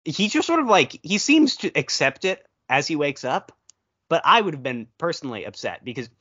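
A podcast co-host rambling through a movie chat with a lively, swooping delivery. The audio is dull and lo-fi. They tell long stories and drop into playful quoted asides. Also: medium pitch, normal speed, husky.

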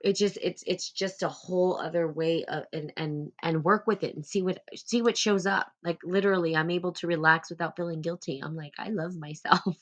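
Low-pitched lady rambling softly about loving yourself, lots of "like"s, live stream vibe. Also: fairly even intonation, a little fast, few pauses. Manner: rambling, gentle, many "like" fillers. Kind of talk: casual spiritual self-help talk.

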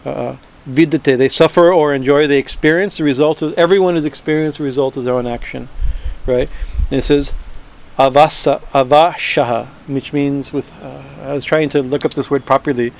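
A man teaching a verse-by-verse scripture class, chanting Sanskrit words slowly and then translating them, with many fillers and restarts. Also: mid-range voice, fairly even intonation, vocal fry.

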